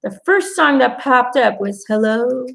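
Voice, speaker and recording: A woman's voice: fairly high pitch, measured pace, vocal fry, poor audio. A middle-aged woman giving a live angel card reading, chatting casually and speaking reassuringly to her viewers. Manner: chatty, animated storytelling with quoted asides; reassuring, addresses viewers directly. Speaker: intuitive card reader.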